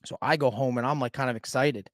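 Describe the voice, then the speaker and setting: A man speaking at a middling pitch, telling a personal recovery story with a frank, easygoing looseness. He rambles on with the occasional curse, and his voice sits close and dry with no room sound around it. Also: steady tone, fast talker, no echo. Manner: rambling, candid and casual, with occasional swearing. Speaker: sobriety coach and guest storyteller.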